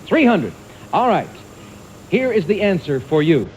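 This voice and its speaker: A man hosting a quiz show, briskly reading clues and calling on contestants. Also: high-pitched, highs cut off. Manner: brisk, lively and animated. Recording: archival TV audio with faint hiss.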